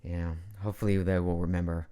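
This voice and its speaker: A man's voice: sits low, little pitch movement, fast, mellow, clear, resonant tone. Chatty middle-aged man streaming from home. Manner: chatty and playful, jumps between topics. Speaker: voice actor hosting a live Q&A. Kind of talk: casual live-stream chat. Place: at home, at his computer.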